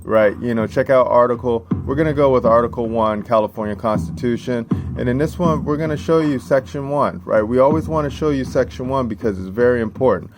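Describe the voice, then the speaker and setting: A man's voice: mid-range voice, fairly quick, few pauses. A man giving a casual, emphatic lesson, reading out constitution passages and checking in with "right?" after each point. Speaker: civics teacher. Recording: steady background noise.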